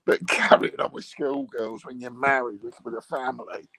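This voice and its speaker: A man's voice: mid-range voice, steady tone, normal speed, fairly bright tone, no echo, rough recording. A man rambling through crude comic chat, bawdy and meandering, chuckling at his own jokes. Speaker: comic monologue host.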